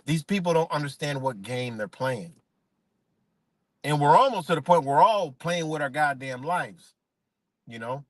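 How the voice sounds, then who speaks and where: A man's voice: a little high, expressive, unhurried, long pauses, dry recording. A man ranting on a live stream, heated and profane, firing off rhetorical questions. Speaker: livestreamer. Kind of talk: unscripted live-stream rant.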